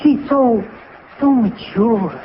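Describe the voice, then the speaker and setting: A man's voice: very high voice, takes it slowly. An actor playing an awkward, lovestruck teenage boy who stammers and gushes, in a 1940s radio comedy on a dull old recording. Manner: stammering, gushing. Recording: dull old radio broadcast with faint hiss.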